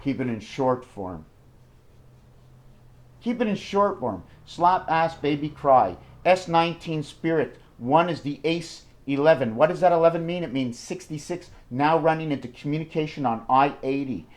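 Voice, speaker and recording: A man in a rambling monologue, jumping excitedly between numbers and firing off rhetorical questions. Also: normal speed. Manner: wide swings in pitch and loudness. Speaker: numerology video maker.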